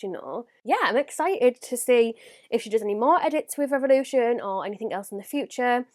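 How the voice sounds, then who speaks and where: A young woman talks through a makeup unboxing. She sounds gushing and excitable, slipping into hushed whispers and gasps, in a slightly high voice. The recording is dry and close, with no room echo. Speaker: beauty vlogger. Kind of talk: casual unboxing vlog.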